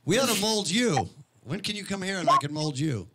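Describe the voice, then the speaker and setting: Lively-voiced man joking on live radio. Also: high-pitched, brisk, a crowd in the background. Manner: playful, joking, reads sponsor plugs. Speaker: co-host. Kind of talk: casual radio chat.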